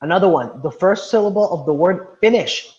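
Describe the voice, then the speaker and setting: Male teacher on a video call, slightly high voice, muffled lo-fi sound, patient and repetitive. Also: fairly quick, a little mellow. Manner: patient, repeats words and checks with "right?". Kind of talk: online class teaching.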